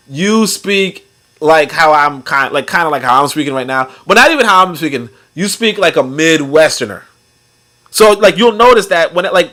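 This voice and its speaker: A man's voice: fairly high pitch, bright, forceful tone. A man hosting a podcast, talking in loose, rambling commentary, with heavy use of fillers and some swearing. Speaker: podcast host. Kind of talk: casual commentary.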